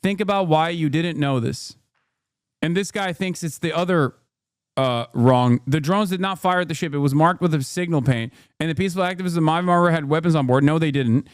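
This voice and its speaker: A man streaming casual reaction commentary, ranting in an animated, profane, rambling way into a close mic. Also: a little high, a little fast, clean tone, no echo. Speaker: streamer host.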